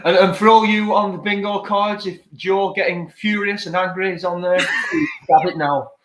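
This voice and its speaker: A man's voice: high-pitched, fairly even intonation, normal speed, a little hiss or hum, low-quality recording. A man with a Lancashire accent co-hosting a football chat, jokey and teasing. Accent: Lancashire English. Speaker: co-host.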